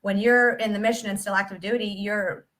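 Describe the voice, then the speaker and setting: A woman's voice: medium pitch, fairly even intonation, fairly quick, a bit bright. A woman hosting a casual interview, upbeat and encouraging as she wraps up. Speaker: podcast host.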